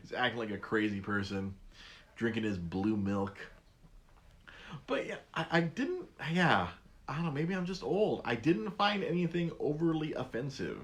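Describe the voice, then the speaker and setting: Lively rambling male podcast host. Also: mid-range voice, moderate pace. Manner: rambling, many restarts, animated. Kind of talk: casual podcast monologue.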